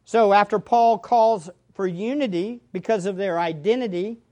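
A woman preaching a sermon, speaking to her listeners directly, repeating key phrases and swinging between loud and hushed. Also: medium pitch, normal speed, muffled recording. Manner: addresses the congregation directly.

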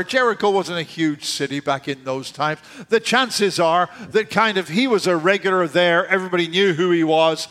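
A man with a high voice preaching a sermon. He talks in a conversational way and often drops low and quiet to land a point. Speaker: pastor.

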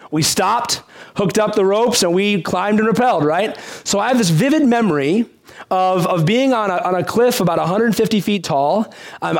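A man preaching a sermon in a conversational way, asking the congregation questions and telling a story from his childhood. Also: fairly high pitch. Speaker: pastor.

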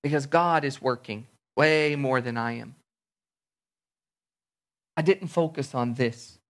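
Animated preacher guy, gravelly voice, does little voices for his stories. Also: medium pitch, takes it slowly. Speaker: pastor. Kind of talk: sermon.

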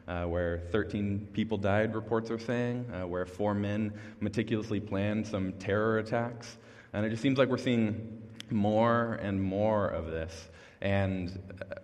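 Low-voiced young man preaching in a hall. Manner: chatty and self-deprecating, chuckling between thoughts. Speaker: youth pastor. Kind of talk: casual youth sermon. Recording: long reverb of a large hall.

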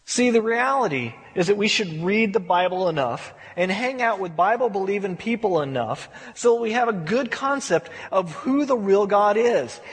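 Pastor, male, high-pitched and husky, conversational Bible teacher, reverberant hall. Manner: conversational, repeats words when emphatic.

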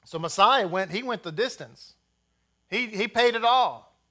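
A man's voice: high-pitched, animated, a little slow, pushed and bright. A man preaching a sermon as rabbi, blunt and rousing, with jokey asides to the congregation.

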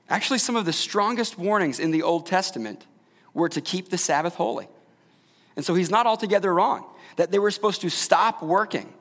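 A male pastor preaches in a relaxed, conversational manner and keeps checking in with his listeners with quick questions. His voice sits a little high for a man. It carries a long reverb from a large hall. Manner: conversational, asks the congregation questions. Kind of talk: sermon.

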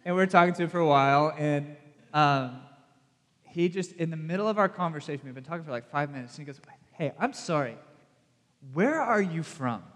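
Southern-accented male pastor, casual and self-deprecating, slightly higher voice, long hall reverb. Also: fast, a bit bright. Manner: chatty, self-deprecating, direct questions to the audience. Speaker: youth pastor. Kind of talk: casual conversational sermon.

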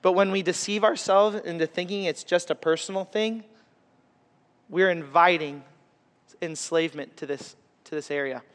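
Pastor in his thirties with a high voice, earnest conversational sermon, echoey church hall. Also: normal speed, fairly bright tone. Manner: earnest, conversational preaching with personal stories and humor.

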